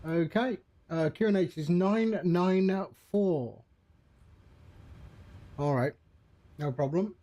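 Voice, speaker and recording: A man giving casual live-stream commentary as he sets up a flight simulator, chatting to viewers in a relaxed, rambling way. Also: sits high, slow pace, long pauses, highs cut off.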